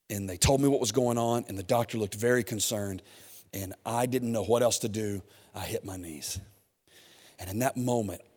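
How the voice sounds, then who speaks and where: A man in his thirties, a pastor preaching a sermon in an animated, emphatic way with many repetitions. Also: mid-range voice, long reverb tail.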